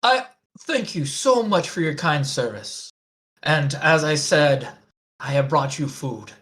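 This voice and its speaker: A genial adventurer speaks in grand, polite tones, his accent drifting from one region to another, as a man puts him on. The voice sits a little high for a man. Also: animated, takes it slowly, a bit bright. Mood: courtly. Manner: grandly polite, accent wandering all over.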